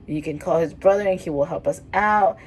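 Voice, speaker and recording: A woman's voice: lowish voice, fairly quick, darkish tone, slight background noise, natural voice. A young woman voicing a worried middle-aged mother, reading from her old story. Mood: anxious.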